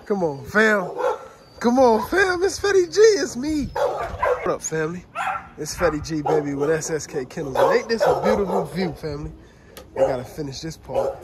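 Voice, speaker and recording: A man's voice: on the high side, very animated, moderate pace. A man running his dog kennel vlog outdoors, hyped and talking straight to his viewers as family, filmed on a phone. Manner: hyped, shouting out to viewers, calls them family. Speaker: dog breeder vlogger. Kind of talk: casual vlog talk. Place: outdoors at a kennel yard and house. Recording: loud background noise, dogs barking.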